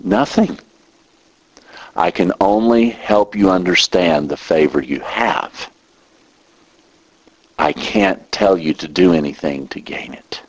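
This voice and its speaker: A man's voice: breathy edge, low-quality recording. A middle-aged man preaching a sermon as a minister, talking with growing passion. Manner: impassioned, rising in pitch when emotional.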